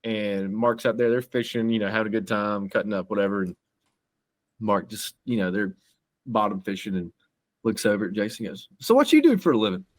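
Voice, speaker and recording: A man co-hosting a casual podcast, telling stories with animated laughter and mimicry. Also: on the low side, fairly quick. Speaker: podcast co-host. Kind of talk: casual chat.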